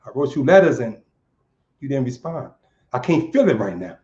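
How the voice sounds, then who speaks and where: A man's voice: mid-range voice, big pitch swings, moderate pace, a little mellow. A man from Saint Louis telling a personal story for a live audience. He speaks earnestly and stumbles over repeated words. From Saint Louis, USA. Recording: roomy, dull lo-fi sound.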